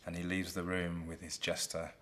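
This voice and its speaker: A man retelling a play in a relaxed, conversational way. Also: deep voice, moderate pace, a little hiss or hum. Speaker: storyteller.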